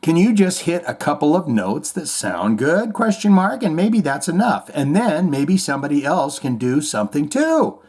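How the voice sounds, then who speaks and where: A man's voice: a little high, sing-song, normal speed, hardly any pauses, a little mellow, breathy edge. A man hosting a casual show, reading music news aloud and riffing on it with irreverent, rambling asides and swearing. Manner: irreverent, rambling, swears, mock-reads quotes. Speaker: host.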